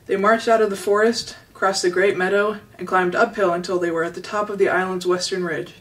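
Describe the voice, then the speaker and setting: A woman reading a children's novel aloud in a steady, gentle way. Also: medium pitch, brisk, distant mic, low-quality recording. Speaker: storybook reader.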